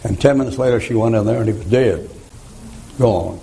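Gravelly older preacher. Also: male voice, on the low side, brisk, a little hiss or hum, low-quality recording. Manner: folksy storytelling, chuckling, rising to shouted rhymes. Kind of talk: folksy sermon with anecdotes.

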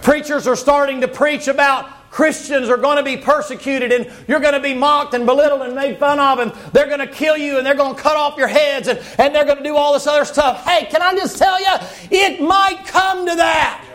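A male preacher delivers a folksy sermon. His voice sits very high and often climbs into shouts. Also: little pitch movement, brisk, few pauses. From Southern United States.

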